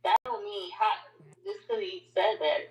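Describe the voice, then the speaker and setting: A woman's voice: medium pitch, measured pace, roomy sound, noisy background. A woman co-hosting a podcast in casual chat, dry and skeptical, teasing her co-host.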